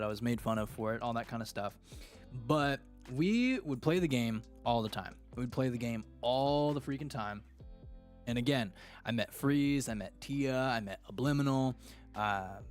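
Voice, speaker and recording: A young man hosting his own podcast, chatting casually in a rambling, slangy way that repeats itself. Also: medium pitch. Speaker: podcast host. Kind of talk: casual chat.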